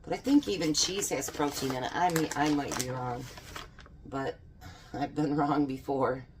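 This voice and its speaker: A home cooking vlogger talks casually and folksily as she cooks in her kitchen, laughing often along the way. Her voice sits low and moves at a moderate pace, with slight noise behind it.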